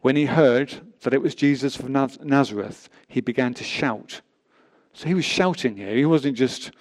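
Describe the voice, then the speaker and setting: A man's voice: mid-range voice, moderate pace. A man preaching a sermon, reading scripture aloud with emphatic rises and drops.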